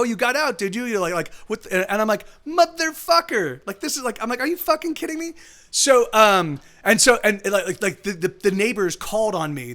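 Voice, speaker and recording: Guy on a stream rambling through a crazy story, fast and high-pitched. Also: fairly bright tone. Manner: rambling, restarts often, swears. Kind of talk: casual storytelling. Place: home streaming setup.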